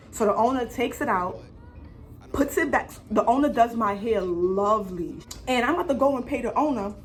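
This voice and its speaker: A woman telling a story on her vlog in an animated way, full of swearing and slang. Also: a little high, slight background noise. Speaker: vlogger.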